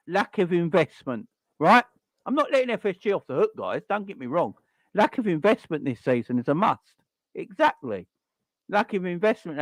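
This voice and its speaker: In a dry recording, a high-voiced man who hosts a football fan channel rants in frustration, firing off one rhetorical question after another in his reaction to the game.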